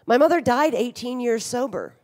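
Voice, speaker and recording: A woman's voice: a little high, animated, normal speed, darkish tone. Frank, wry woman speaking in a reverberant ballroom. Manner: frank, wry and humorous, with blunt swearing. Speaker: speaker at a recovery conference. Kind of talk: candid personal talk on stage. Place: large hotel ballroom stage.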